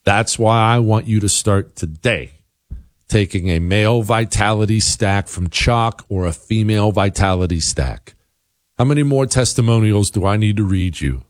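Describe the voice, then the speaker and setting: A man's voice: lowish voice, moderate pace, dry recording, studio quality. A man hosting a talk radio show, reading headlines and ads in a sarcastic, emphatic way. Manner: sarcastic, emphatic, jumps between loud and hushed. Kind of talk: talk radio monologue with ad reads. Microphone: studio microphone.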